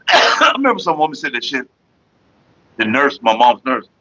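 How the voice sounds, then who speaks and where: A man's voice: mid-range voice, wildly swooping pitch, moderate pace, bright, forceful tone, low-quality recording. A man vlogging casually, rambling in profane, mock-exasperated rants. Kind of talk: casual smoking-session vlog.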